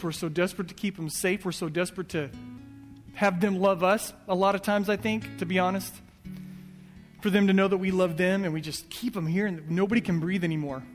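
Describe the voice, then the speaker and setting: A man preaching with an earnest, repetitive build, his voice pitched a little high. It rings out with a long echo through a church hall, while soft guitar plays underneath. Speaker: pastor. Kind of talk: sermon.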